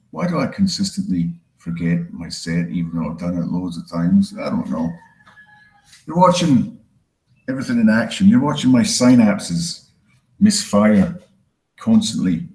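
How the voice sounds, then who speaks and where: A Scottish man with a slight Canadian tinge doing a crude, self-mocking stand-up set in a deadpan way. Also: echoey room, rough recording. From Scotland. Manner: deadpan, crude, self-mocking, breaks into high mocking voices for quoted people. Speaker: stand-up comedian.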